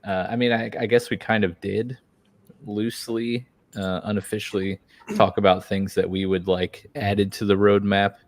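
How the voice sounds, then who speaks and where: A man hosting a casual podcast chat, a bit hoarse from losing his voice, talking loosely with many fillers and restarts. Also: lowish voice, flat delivery, normal speed, no room sound. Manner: rambling, frequent fillers and restarts. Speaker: podcast host.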